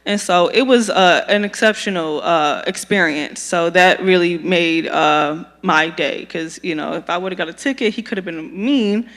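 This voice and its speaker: A young woman telling a story at a community forum, animated and acting out her own reactions. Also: on the low side, moderate pace. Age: young adult. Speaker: community meeting participant. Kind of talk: storytelling public comment. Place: meeting room. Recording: long hall reverb.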